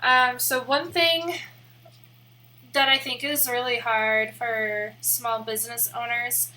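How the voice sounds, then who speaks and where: Midwestern woman streamer, bright slightly high voice, chatty and rambling. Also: flat delivery, takes it slowly, a little hiss or hum, low-quality recording. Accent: American Midwest. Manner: chatty, rambling, self-deprecating. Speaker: live streamer. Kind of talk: casual livestream chat while working on screen.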